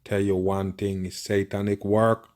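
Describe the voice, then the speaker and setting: A man's voice: fairly low pitch, level tone, a little slow, darkish tone. A man giving profane, conspiratorial reaction commentary on a video, with constant murmured agreement.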